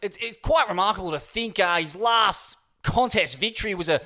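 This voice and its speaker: An Australian man co-hosting a mock-serious sports chat, theatrical and grandiose, with rough slang. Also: sits high, moderate pace, sharp tone. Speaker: co-host.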